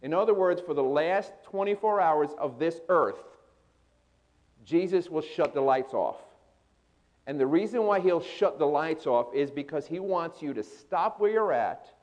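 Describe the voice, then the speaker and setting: Higher-pitched man preaching a sermon. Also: a little mellow, muffled recording. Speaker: pastor.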